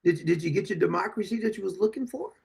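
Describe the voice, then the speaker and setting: Older guy ranting on his politics show, very gravelly, high-ish voice, keeps laughing at people. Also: fast talker, a little mellow. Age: 60s. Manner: mocking, insulting, laughs at his targets. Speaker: political commentary host.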